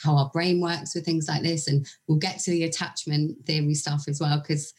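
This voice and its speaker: A British woman hosts a podcast interview in a casual, chatty way. Her voice sits a little low for a woman. She asks long, winding questions. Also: flat delivery, a little mellow. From United Kingdom. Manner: chatty, quick to laugh along. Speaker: podcast host.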